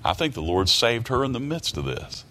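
A man's voice: mid-range voice, big pitch swings, normal speed, sharp tone, slight background noise. A man preaching a sermon who reads scripture aloud, repeats his phrases and keeps asking rhetorical questions. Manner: reads scripture aloud in King James wording.

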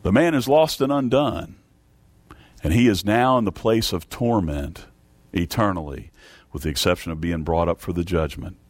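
A man's voice: expressive, normal speed, no room sound. Fiery preacher man with folksy swings. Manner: swings from low hushed tones to loud pleading cries; folksy, addresses congregation as folks. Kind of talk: sermon.

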